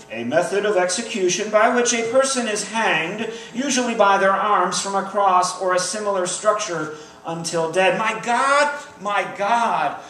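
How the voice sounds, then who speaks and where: Guy doing spoken word poetry, rhythmic and declaiming, sharp bright voice, echoey hall picked up from far away. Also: high-pitched, a little hiss or hum. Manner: rhythmic, declamatory, repeating a refrain. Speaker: poet. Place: church gathering hall.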